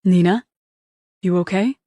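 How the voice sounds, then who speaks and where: A woman voicing a gentle, patient young man as a lover in an audiobook, speaking softly and reassuringly. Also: on the low side, a little slow, no echo, lightly acted. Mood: tender. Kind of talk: audiobook character voice.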